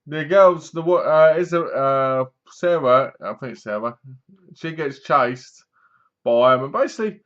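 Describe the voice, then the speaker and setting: A man's voice: a little high, expressive, unhurried, fairly bright tone. A man casually reviewing a horror film, retelling it in a rambling, chatty way with asides. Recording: dull lo-fi recording.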